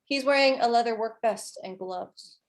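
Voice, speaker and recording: A woman running a tabletop game as dungeon master, describing rooms and characters in a relaxed way. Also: a little high, normal speed.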